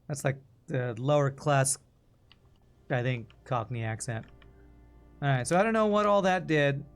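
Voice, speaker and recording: A man streaming a puzzle game in a relaxed, musing way, whose sentences often trail off quietly. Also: mid-range voice, a little slow, long pauses, clear, resonant tone, faint music behind. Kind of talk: casual gameplay commentary.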